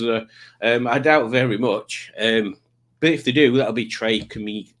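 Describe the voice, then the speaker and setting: A man's voice: mid-range voice, normal speed, fairly bright tone. A man hosting a live quiz stream in casual chat, rambling and self-mocking as he reads out the chat.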